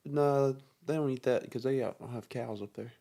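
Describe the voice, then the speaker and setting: A man jokes around in a relaxed chat. He tosses out offhand quips while the others tell stories. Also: mid-range voice, normal speed, creaky. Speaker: podcast co-host. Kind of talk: casual chat.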